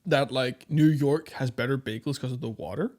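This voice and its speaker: A man's voice: medium pitch, normal speed, a little mellow. A man co-hosting a casual podcast chat, swearing freely and laughing often. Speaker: podcast co-host.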